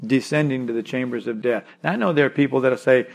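A man's voice: mid-range voice, creaky. A man preaching a sermon, reading scripture verse by verse and pleading directly with his listeners as "son". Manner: expository preaching, quotes scripture and addresses "son" with emphatic pauses. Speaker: pastor.

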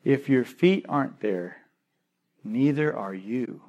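A man preaching a sermon as pastor, swinging from loud urging to quiet intensity and repeating key phrases. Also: mid-range voice, expressive, slow pace, highs cut off, noisy background.

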